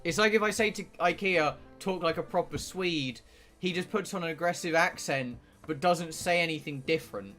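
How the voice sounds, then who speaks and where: A man's voice: a little high, moderate pace, bright, forceful tone, faint music behind. A British man streaming a game playthrough, reading the on-screen text aloud and chatting to viewers in a joking, rambling way, stumbling over words now and then.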